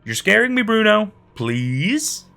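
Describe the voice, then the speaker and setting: A man's voice: sits high, big pitch swings, takes it slowly, vocal fry, pushed and bright, faint music behind, voice pushed up, heavily acted. A man voicing a panicked young woman who frantically pleads to be pulled up.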